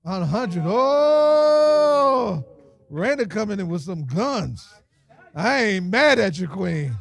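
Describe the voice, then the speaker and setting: A man running a lively fundraiser auction, teasing the crowd with slang and frequent laughter. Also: high-pitched, unhurried, gravelly, no room sound. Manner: playful, teasing, street slang, laughs often. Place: event hall with audience.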